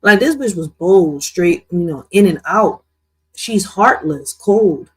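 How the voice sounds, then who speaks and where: A man's voice: sits high, expressive, slow, breathy edge. Heated, profane male commentary co-host. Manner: profane, heated, loud outbursts. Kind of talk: casual commentary.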